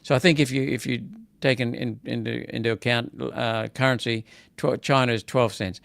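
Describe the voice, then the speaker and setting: A man's voice: mid-range voice, fairly even intonation, moderate pace, vocal fry, few pauses, a bit bright, dry recording. A man hosting a live political commentary, talking casually and repeating himself as he grows indignant and emphatic. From Australia. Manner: indignant, repetitive, rising to emphatic outbursts. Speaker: senator hosting a political wrap-up.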